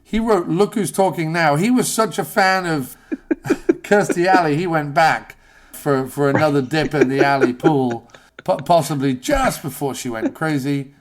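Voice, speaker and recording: A man's voice: on the high side, lively intonation, measured pace. Rambling, jokey British man. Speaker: podcast host. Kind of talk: casual chat.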